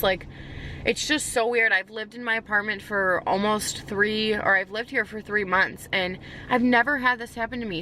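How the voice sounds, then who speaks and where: A woman's voice: medium pitch, bright, forceful tone, slight background noise. Shaken young woman telling a scary story. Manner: shaken, rambling retelling with many "like"s and restarts. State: anxious. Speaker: vlogger. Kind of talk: storytime vlog.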